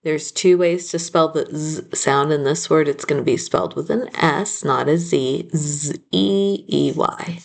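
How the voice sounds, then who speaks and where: Slow, patient woman teaching phonics. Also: deep voice, vocal fry. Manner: slow, patient, sounding out words. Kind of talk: phonics spelling lesson.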